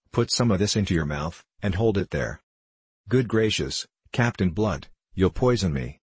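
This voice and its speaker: Deep, husky male audiobook narrator. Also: dry recording. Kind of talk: scripted narration of a classic novel.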